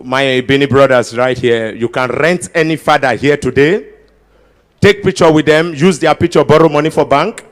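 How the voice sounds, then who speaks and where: A man with a Nigerian Pidgin-inflected accent doing live stand-up banter as a comedian emcee at a ceremony, coaxing the crowd to applaud. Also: medium pitch. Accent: Nigerian Pidgin-inflected English. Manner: jokey, switching into Pidgin, drawing applause.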